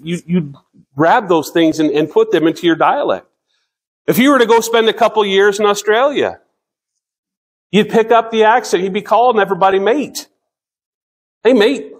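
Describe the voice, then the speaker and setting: A man in his fifties delivers a sermon with a notably high-pitched voice. He speaks earnestly, drawing out scripture readings slowly and often stumbling and restarting mid-sentence. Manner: earnest, slows down to read scripture, frequent restarts. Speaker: pastor.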